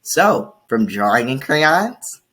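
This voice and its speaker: A man co-hosting a podcast, with a bright, forward tone and a husky edge. He reads a quote out in a calm, even way. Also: mid-range voice, takes it slowly. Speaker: podcast co-host. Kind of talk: casual podcast chat.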